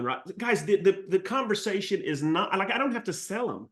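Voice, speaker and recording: A man with a slightly high voice, running a live coaching session for real estate agents. He talks with energetic, salesy enthusiasm and drops in jokes as he goes. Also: moderate pace. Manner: energetic, jokey, salesy pep talk. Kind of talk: live training webinar.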